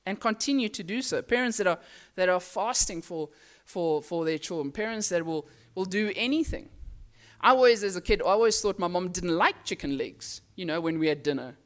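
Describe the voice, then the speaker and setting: A woman preaching a Mother's Day sermon at a church service, talking over slides in a conversational way with frequent restarts. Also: mid-range voice.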